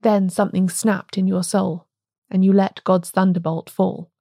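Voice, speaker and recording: A calm, grave old priest-detective speaks quietly and gently, unhurried and sure, as a woman reads him aloud. The voice is mellow, and the recording is dry and close. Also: mid-range voice, creaky, no echo.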